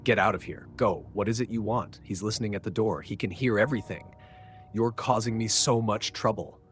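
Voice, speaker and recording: A man with a very low voice reads the part of a tired young woman lodger who teases and scolds. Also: fairly quick, slight background noise, close to an everyday voice. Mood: anxious. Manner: tired, half-amused, scolding. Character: weary young woman lodger, teasing then anxious.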